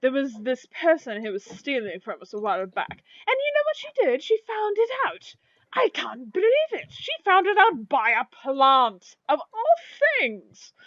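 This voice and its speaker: A woman's voice: a little high, a little fast, hardly any pauses, no echo, lightly acted. A woman voicing a giddy, gushing shopkeeper who starts nearly every line with "oh", speaking for a pair of shopkeepers in a tabletop game. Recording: dull lo-fi dry recording.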